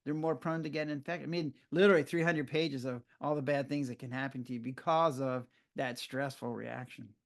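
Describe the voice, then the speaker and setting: A man's voice: mid-range voice, fairly quick, few pauses. An older man, a physician, explaining stress in a conversational interview and acting out his own reactions as he tells stories. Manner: animated storyteller who acts out his own reactions. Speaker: physician guest.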